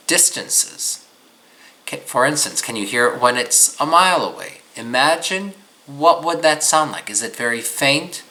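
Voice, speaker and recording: A man's voice: medium pitch, pushed and bright, low-quality recording. A man teaching an instructional course, patiently guiding listeners through listening exercises. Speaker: psychic medium teaching a course.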